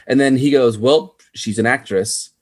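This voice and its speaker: A man's voice: medium pitch, moderate pace. A man co-hosting a casual movie review podcast, animatedly quoting lines from a film. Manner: animated, quotes dialogue in retelling. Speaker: podcast co-host.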